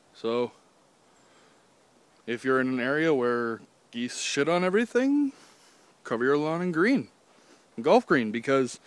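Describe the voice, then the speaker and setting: A young man, rambling and joking as he walks outdoors by a golf course pond, filming on his phone. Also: mid-range voice. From Canada. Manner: rambling, joking, swears casually. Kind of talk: casual walking vlog. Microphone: handheld phone.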